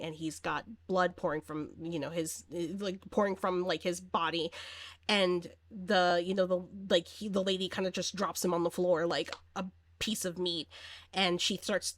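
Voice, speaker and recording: A woman reviewing a horror movie in a casual recap, chatty and animated, full of fillers and acted-out quotes. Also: lowish voice, no room sound.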